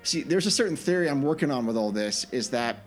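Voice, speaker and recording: A man co-hosting a casual theme-park podcast, talking in an animated, opinionated way with frequent restarts. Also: medium pitch, quick pace, faint music behind. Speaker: podcast co-host. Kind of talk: casual chat.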